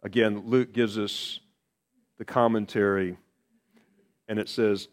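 A man's voice: on the low side, fairly even intonation, takes it slowly, long pauses. A man preaching a sermon in a conversational way, repeating key phrases for emphasis.

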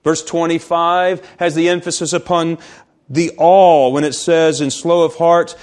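A man with a fairly high voice preaches a sermon. He reads scripture aloud and explains it verse by verse, slowing down to press on key words. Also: flat delivery, a little mellow. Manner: slows down to stress key words. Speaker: pastor.

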